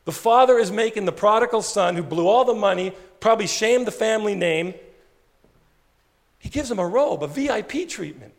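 Gravelly high-voiced male preacher. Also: moderate pace, in a large hall. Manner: animated storytelling, drops low for emphasis. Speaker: pastor. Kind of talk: sermon.

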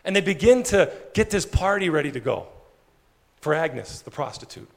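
Male preacher, animated storyteller, high gravelly voice. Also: normal speed, in a large hall. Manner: animated storytelling, drops low for emphasis. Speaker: pastor. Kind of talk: sermon.

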